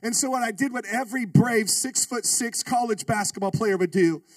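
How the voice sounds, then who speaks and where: High-voiced, animated pastor telling a story. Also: male voice, moderate pace, slightly rough, no echo, distant mic. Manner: animated, humorous, calls out to the congregation. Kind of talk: storytelling sermon.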